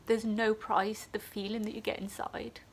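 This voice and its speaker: A woman's voice: medium pitch, flat delivery, moderate pace, a little hiss or hum. A young woman with an English accent, a student nurse vlogging with emotion, teary and at times dropping to a whisper. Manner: tearful, gushing, drops to whispers. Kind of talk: emotional personal vlog.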